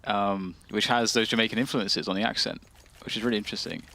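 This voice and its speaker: A man's voice: fairly low pitch, steady tone, quick pace, bright, forceful tone. A man co-commentating an esports match, chatting in a rambling way with many fillers and restarts. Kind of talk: colour commentary and chat.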